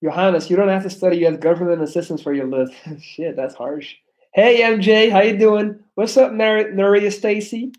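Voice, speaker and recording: A man in his thirties from Belgium with an American accent, chatting loudly and animatedly on a live stream, cussing freely. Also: high voice, fairly even intonation, moderate pace, low-quality recording. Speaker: livestreamer. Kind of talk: casual live stream chat.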